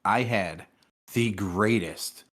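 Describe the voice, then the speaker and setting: A man's voice: lowish voice, slow. A man co-hosting a podcast, telling casual stories with plenty of swearing. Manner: profane, excitable storytelling. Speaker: podcast co-host.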